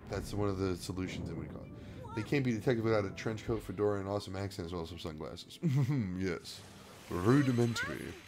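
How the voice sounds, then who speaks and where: A man's voice: low-pitched, fast talker. A man hosting a let's-play, chatting casually, reading game text aloud and riffing on it with laughs. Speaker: gaming channel host. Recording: game music playing under the voice. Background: video game music.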